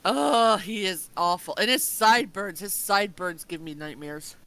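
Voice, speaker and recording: A bright, crisp voice on a casual review chat. The speaker giggles often and reacts with quick exclamations. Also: mid-range voice, dry recording, poor audio. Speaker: podcast co-host.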